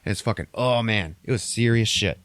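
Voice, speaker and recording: Low-voiced guy cussing his way through a movie plot on a podcast, jumps up high for the characters, dry close sound. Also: fairly quick, a bit bright, no echo. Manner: profane, rambling, acts out characters' lines in a raised voice. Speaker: podcast host recapping a movie. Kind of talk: casual movie recap.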